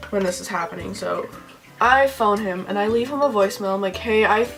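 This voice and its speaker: A young woman at a middle pitch tells a story in a chatty, emotional storytime style, leaning on "like" in nearly every sentence. Soft music plays faintly underneath. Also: brisk, gravelly. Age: young adult. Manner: says "like" constantly, chatty and emotional. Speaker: vlogger. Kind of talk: casual storytime.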